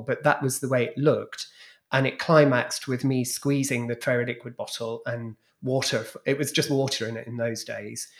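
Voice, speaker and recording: A man, a guest in an interview, telling frank, bawdy stories about his past stage acts. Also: medium pitch. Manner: frank, bawdy, animated storytelling. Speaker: guest, former club DJ and drag performer. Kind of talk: anecdotal storytelling in a podcast interview.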